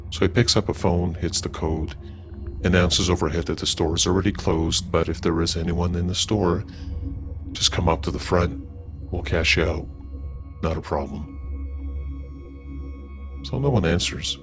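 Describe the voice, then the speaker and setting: A man's voice: sits low, fairly even intonation, normal speed, pauses often, over music. A man casually narrating a paranormal story in a loose, conversational way, with fillers and restarts.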